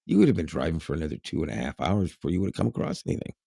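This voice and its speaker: A man with a very low, gravelly voice chats casually as a podcast co-host. He rambles, fills pauses with "uh" and "um", and laughs often. The sound is dry and close to the mic. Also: very animated, warm tone, no echo. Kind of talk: casual chat.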